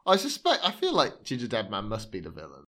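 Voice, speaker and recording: Guy hosting a podcast, bright voice, swearing and mocking reviews as he reads them. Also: fairly low pitch, huge pitch swings, quick pace. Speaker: podcast host. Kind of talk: casual podcast banter.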